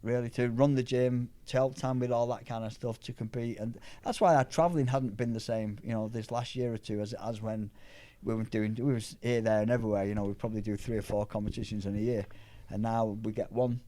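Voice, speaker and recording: A middle-aged man, a powerlifter guest telling rambling, animated anecdotes in casual chat. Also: mid-range voice, a little fast, hardly any pauses. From England.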